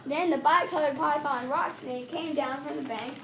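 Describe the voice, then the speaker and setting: Woman teacher, high voice, reading a storybook aloud, stops to fix slips, distant mic, faint hiss. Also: normal speed, a bit bright. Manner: stops to correct herself while reading.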